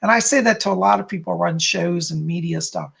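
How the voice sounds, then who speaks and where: On a live astrology stream, a man with a high-pitched, slightly bright voice full of vocal fry reads viewer comments. He's chatty and encouraging, varies his speed, laughs at himself, and gets sidetracked easily.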